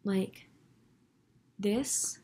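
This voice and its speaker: A teenage girl vlogger telling a story to camera in a chatty, casual way. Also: warm tone. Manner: chatty, quick, quotes people with put-on voices.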